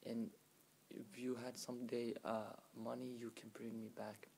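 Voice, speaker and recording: A man voicing a kind baker in a told folk tale, speaking gently and quietly in his own register. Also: mid-range voice, flat delivery, moderate pace, creaky, a little hiss or hum, lightly acted, low-quality recording. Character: kind, soft-spoken male baker.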